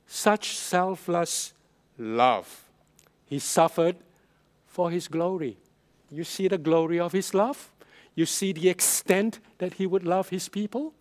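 A male pastor preaching a sermon, stressing and repeating key phrases, his loudness rising and falling for emphasis. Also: high voice, slow.

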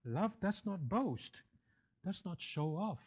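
A man's voice: sits high, sing-song, slow pace, slightly rough. A man preaching a sermon, emphatic and repeating key phrases for weight.

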